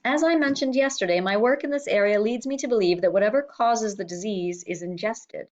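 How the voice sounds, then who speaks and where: A woman voicing a brisk, kindly male doctor and scientist who explains things eagerly. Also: mid-range voice, dull audio, pitched above the performer's own voice, natural voice. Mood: explaining.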